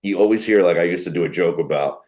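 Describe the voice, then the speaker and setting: Middle-aged guy, real low voice, chatty comedian rambling through old stories. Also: quick pace, a little mellow. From New Jersey. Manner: chatty, anecdotal, self-mocking. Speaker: guest comedian. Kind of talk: casual storytelling interview.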